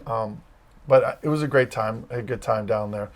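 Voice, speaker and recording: A man's voice: on the low side, a little fast. A man from Massachusetts with a light Massachusetts accent, telling stories casually as an interview guest. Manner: rambling, anecdotal storytelling. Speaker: guest, campus ministry leader.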